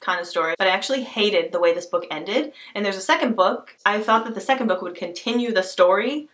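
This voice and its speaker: A woman with a bright, clear voice chats to her camera about books she loves. She gushes and teases herself in a casual vlog. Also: medium pitch, fairly quick. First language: not Scottish, cannot do the accent. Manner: gushing, expressive, self-deprecating. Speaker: book vlogger. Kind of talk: casual book tag vlog.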